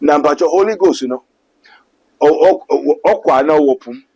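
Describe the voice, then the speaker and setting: A man's voice: fairly high pitch, moderate pace, darkish tone, rough recording. A man with a Ghanaian accent, preaching in a call-and-response exchange, emphatic and quoting scripture. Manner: emphatic, quotes scripture, mixes English and Twi.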